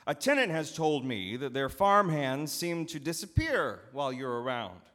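A man's voice: low voice, big pitch swings, full character voice. A man playing an angry, betrayed landowner. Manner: loud, forceful and measured in anger.

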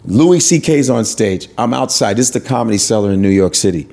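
With a fairly low, darkish voice marked by vocal fry, a stand-up comedian tells a story as an interview guest, talking a little fast and expressively. It's laced with swearing, and he imitates the other people involved.

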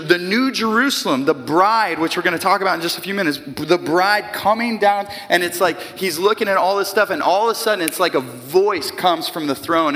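Conversational pastor in a reverberant hall. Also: male voice, sits high. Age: 40s. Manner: conversational, animated preaching with asides. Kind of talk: sermon.

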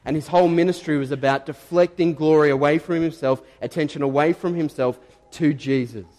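Male pastor, slightly high voice, lively storytelling sermon, hall reverb. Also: a little fast. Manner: animated storytelling, acting out quotes. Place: church.

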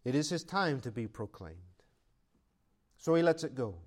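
A man preaching a sermon as pastor, swinging from loud proclaiming to quiet asides, with laughs between points. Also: mid-range voice, animated, moderate pace.

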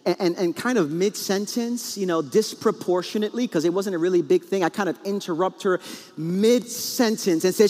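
A man's voice: high voice, normal speed, darkish tone. A man in his forties preaching a sermon, telling a comic story about his marriage and acting out the voices in it. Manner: storytelling with comic acted quotes. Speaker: pastor. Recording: long reverb in a large hall.

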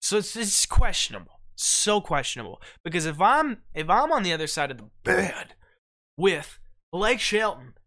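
Animated, bright-voiced male podcast host. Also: high voice, normal speed. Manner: animated, keeps checking in with "okay?"; slangy, calls listener "dude" and "bro". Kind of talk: casual commentary on a song.

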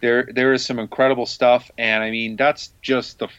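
A chatty male podcast co-host with a mid-range pitch and an enthusiastic, teasing way of talking. The recording is dry, with little room sound, and slightly dull and lo-fi. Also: little pitch movement, moderate pace, fairly bright tone, smooth, dry recording. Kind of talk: casual chat.

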